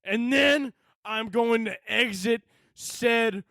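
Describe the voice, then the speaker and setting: Brief: man putting on a loud frat-bro drill officer, high strained yell, slow drawn-out threats, crude. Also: vocal fry, no room sound, clean studio sound, full character voice. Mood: bellowing, crude. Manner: shouted crude drill-sergeant rant. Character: gay frat-boy military officer berating pledges.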